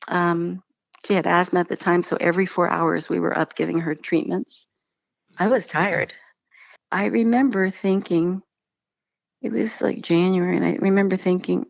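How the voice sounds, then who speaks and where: Speaking at a moderate pace in a fairly low, creaky voice, a woman likely in her thirties shares a personal story conversationally. She brings the people she quotes to life by acting out their voices; the sound is lo-fi with no echo.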